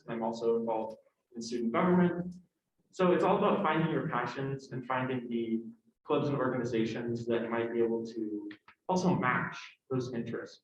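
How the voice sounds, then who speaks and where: A young man, a college sophomore, speaking as a student panelist in a quick, earnest and chatty way. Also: medium pitch, slight background noise. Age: young adult. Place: university event room. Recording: echoey room, dull lo-fi sound.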